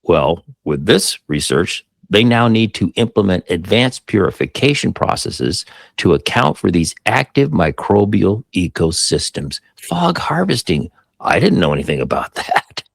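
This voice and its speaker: A man's voice: sits low, sing-song, normal speed, creaky, few pauses, dry recording, studio quality. A man co-hosting a casual tech talk show, reading articles aloud and reacting with amused asides. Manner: reads headlines then reacts with amused asides and chuckles. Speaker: co-host.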